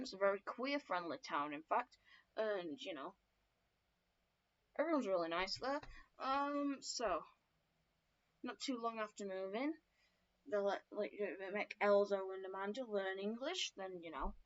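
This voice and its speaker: Unhurried and expressive, a mid-range female voice pauses often while casually recounting her own story lore. The young woman curses frequently, rambles and trips over fillers and self-corrections, and the lo-fi recording sounds dull.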